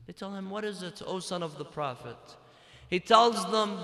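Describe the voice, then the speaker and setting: A man with an Iraqi Arabic accent preaches in a community hall, his voice high and bright. He alternates between loud declamation and near-whispers, sometimes chanting. The long reverb of the hall trails behind him. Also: moderate pace, gravelly. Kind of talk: sermon storytelling. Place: mosque or community center hall. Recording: echoey hall.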